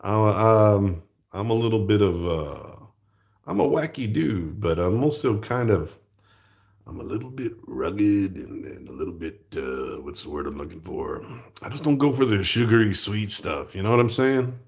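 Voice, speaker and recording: A man's voice: lowish voice, animated, normal speed, vocal fry, darkish tone. A man hosting his own channel, chatting casually and jokingly while he draws. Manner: rambling, jokey, self-mocking. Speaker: channel host. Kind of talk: casual chat while drawing.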